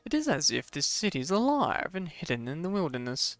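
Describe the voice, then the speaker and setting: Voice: mid-range voice, big pitch swings, fairly quick, gravelly, a bit bright, no echo. A streamer reading a game story aloud, stumbling over hard words and adding chatty asides.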